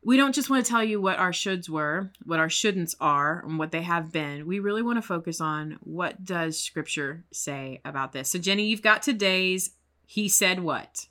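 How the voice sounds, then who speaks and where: A young adult woman co-hosting a faith podcast, telling a story in a lively, dramatic way. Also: normal speed. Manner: animated, dramatic storyteller with big pitch swings. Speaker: podcast co-host. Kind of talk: storytelling chat.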